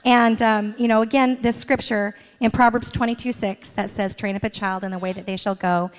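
Her voice is medium-pitched and steady, and she talks fairly quickly. This middle-aged woman is being interviewed on a church stage, sharing warm stories about her kids with frequent laughter, while the sanctuary adds a long hall reverb.

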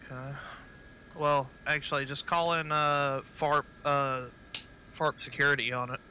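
A man's voice: a little high, flat delivery, a little slow, bright, forceful tone, slight background noise. A man streaming a flight game, chatting casually with his squad over a headset, laughing often and telling rambling stories. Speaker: streamer and helicopter pilot. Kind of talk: casual gaming voice chat.

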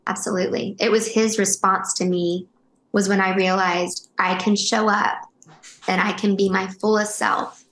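A woman's voice: medium pitch, little pitch movement, normal speed, a bit bright. A woman in her thirties, a guest telling her story in an interview, earnest and emotional, with many restarts. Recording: roomy echo.

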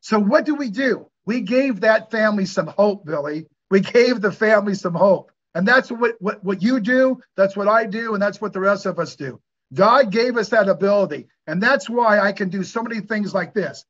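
Middle-aged male guest with a high voice, earnest, preachy storyteller, muffled lo-fi audio. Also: lively intonation, normal speed, a bit bright. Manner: earnest, preachy, asks rhetorical questions. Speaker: hyperbaric clinic owner, guest. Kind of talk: conversational interview storytelling. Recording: dull lo-fi recording.

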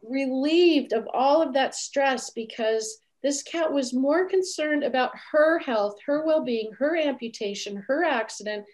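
Animated woman telling a story. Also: high-pitched, measured pace, few pauses. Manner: animated, acts out quoted voices. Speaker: animal communicator guest. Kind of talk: storytelling interview.

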